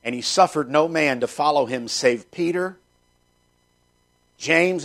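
Guy preaching a sermon, fervent, repeats lines over and over, bit high voice. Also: a little slow, long pauses, a bit bright. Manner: reads scripture in old-fashioned wording. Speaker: pastor.

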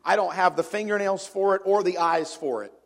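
High-voiced man preaching conversationally. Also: fairly quick, vocal fry. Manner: conversational, asks the congregation questions, repeats words. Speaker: pastor. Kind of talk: sermon. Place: church before a congregation.

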